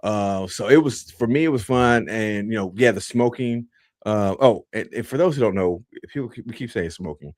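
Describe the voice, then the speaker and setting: A man's voice: normal speed, no echo, studio quality. A man telling a story casually on a podcast, often restarting and repeating himself, and acting out quoted lines with big jumps in his voice. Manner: animated, acts out quotes with big pitch jumps. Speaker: podcast host.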